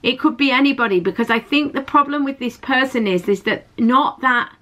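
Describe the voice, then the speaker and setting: Woman, tarot reader, bright clear voice, fairly high, chatty, loops back on her phrases. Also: fairly quick. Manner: chatty, repeats and restarts phrases, warm reassuring asides. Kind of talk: intuitive tarot reading to camera.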